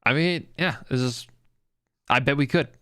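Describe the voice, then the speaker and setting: Podcast co-host, male, bright crisp voice, rambling and profane. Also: medium pitch, normal speed, dry recording, studio quality. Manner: rambling, lots of fillers and "like"; profane, enthusiastic. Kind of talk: casual chat.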